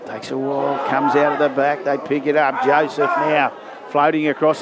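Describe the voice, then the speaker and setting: At an outdoor ground, a man calls a rugby league game live, speaking flatly at a normal speed. When big plays happen, he raises both his pitch and his volume. The recording is full of loud crowd and outdoor noise.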